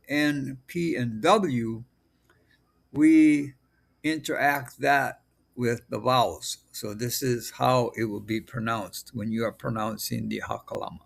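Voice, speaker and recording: A man's voice: medium pitch, creaky. A man teaching a language lesson, patiently sounding out syllables one by one. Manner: drills sounds one by one, deliberate. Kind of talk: slow patient pronunciation lesson.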